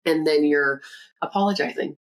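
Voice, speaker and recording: A woman in her thirties, a counselor talking in a podcast interview, animated and quick to act out the voices she quotes, laughing often. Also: low-pitched, rough recording. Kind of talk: conversational interview.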